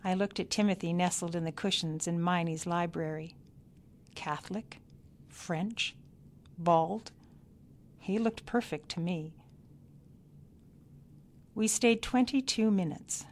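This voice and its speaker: A woman reading her own memoir aloud in a measured, deliberate way with dry understatement. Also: on the low side, darkish tone, a little hiss or hum. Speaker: memoir narrator.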